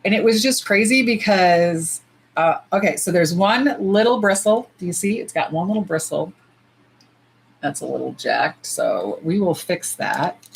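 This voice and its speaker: A woman's voice: fairly low pitch, animated, measured pace, vocal fry, breathy edge, poor audio. A woman from the US, chatting casually and animatedly on a nail-swatching livestream, cursing freely and saying y'all. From United States.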